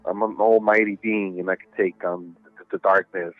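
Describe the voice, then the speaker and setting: Guy rambling thru a ghost story, low voice, cusses a lot, sounds like a phone line with faint music. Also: steady tone, normal speed, no echo. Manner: rambling, profane, many fillers. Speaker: podcast guest. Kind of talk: casual storytelling.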